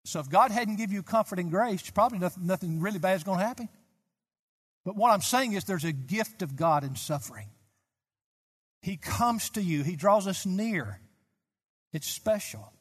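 A Baptist pastor in his sixties preaches a sermon with emphatic delivery that climbs to fervent peaks. His voice is high, animated and a bit bright with a breathy edge, moving at normal speed, and long hall reverb fills the recording.

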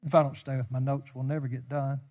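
A man preaching a sermon as a pastor, speaking with passion and sometimes rising to near-shouts. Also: mid-range voice, flat delivery, fast. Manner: impassioned, rises to near-shouts. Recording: long hall reverb.

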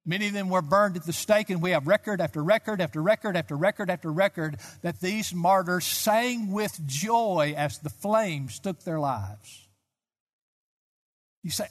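A man's voice: high voice, moderate pace. A man in his sixties, a Baptist pastor, preaching a sermon with emphatic delivery that climbs to fervent peaks. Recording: long hall reverb.

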